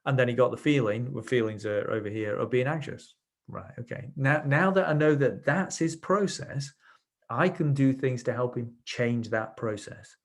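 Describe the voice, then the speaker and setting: Medium-pitched and moderately paced, this male NLP trainer leads a webinar. Anecdotes from his sessions carry his explanations, and he restarts frequently.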